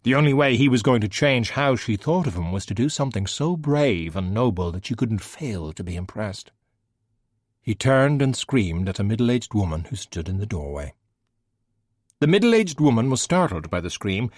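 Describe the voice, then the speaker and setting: Lively low-voiced male audiobook narrator. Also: moderate pace, no room sound, studio quality. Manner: expressive storytelling. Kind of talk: scripted narration.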